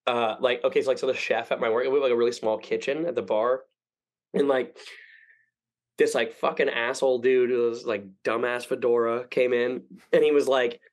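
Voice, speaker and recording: A young man in casual podcast chat, telling profane stories quickly and acting out the people in them. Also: mid-range voice. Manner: fast, profane storytelling with animated impressions.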